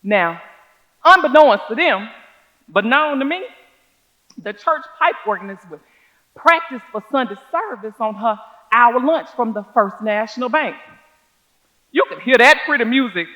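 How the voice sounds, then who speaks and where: An actress in a one-woman stage show, playing a proud older schoolteacher from who tells her story in a measured, folksy way. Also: a little high, expressive, pushed and bright, highs cut off. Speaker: stage performer. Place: theater stage.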